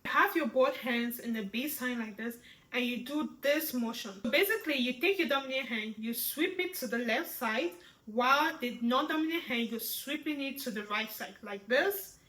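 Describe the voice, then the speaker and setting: A woman teaching sign language, walking through each sign slowly and repeating words, checking in with "right?". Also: high voice, fairly bright tone. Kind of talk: slow step-by-step lesson. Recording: echoey room.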